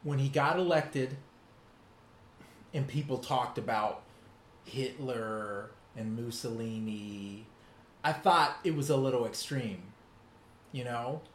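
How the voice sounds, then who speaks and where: A man's voice: mid-range voice, slow pace, pauses often. Earnest man in an echoey room. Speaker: podcast co-host. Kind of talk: casual chat. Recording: echoey room with faint noise.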